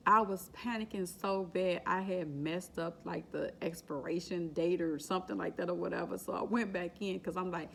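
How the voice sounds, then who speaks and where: This vlogger speaks in a lowish, steady voice with vocal fry, at a moderate pace with few pauses, as she recounts her exam story. The emotional, faith-filled tale comes out casual and repetitive, with exclamations and laughter, over slight background noise.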